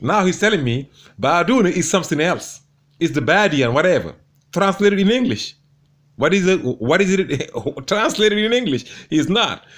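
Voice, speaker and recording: A man's voice: high voice, sing-song, moderate pace, a bit bright. A man commenting on a debate, gloating and mocking his opponent with much repetition. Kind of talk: commentary over debate clips.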